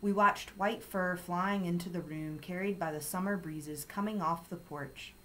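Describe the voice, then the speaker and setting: A woman with a low voice reads a children's chapter book aloud in calm, steady storytelling. A faint hiss sits under the recording. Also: unhurried, low-quality recording. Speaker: story reader.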